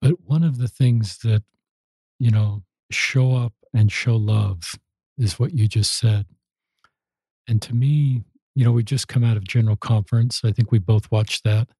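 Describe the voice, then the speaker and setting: A man hosting an interview, speaking thoughtfully and gently. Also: medium pitch, measured pace, husky, no room sound, rough recording. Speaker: host. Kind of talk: interview conversation.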